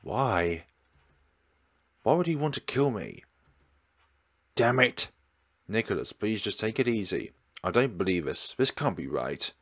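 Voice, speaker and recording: A man's voice: lowish voice, very animated, measured pace, pauses often, fairly bright tone, exaggerated voice. A man voicing a frightened, angry young man in a horror game, tense and defensive. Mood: distraught.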